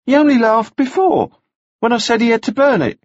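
A man reading an audiobook, voicing an earnest young office boy in a high voice. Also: animated, fairly quick, no room sound, highs cut off. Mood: eager. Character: eager young office boy, timid and hopeful.

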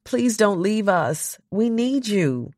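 A woman's voice: medium pitch, sing-song, slow, darkish tone, no room sound, clean studio sound, pitched above the performer's own voice. A reader voicing a woman crew member who sounds childlike and wheedling. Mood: pleading.

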